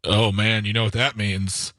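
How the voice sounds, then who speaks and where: A man's voice: on the low side, level tone, normal speed, pushed and bright, no room sound, studio quality. Wry man co-hosting talk radio. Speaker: radio co-host.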